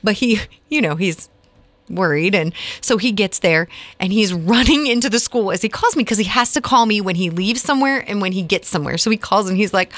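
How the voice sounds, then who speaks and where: A woman in her forties, co-hosting a morning radio show and telling a story in an animated, chatty way. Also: medium pitch, a little fast, dry recording. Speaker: radio co-host. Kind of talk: casual morning radio chat.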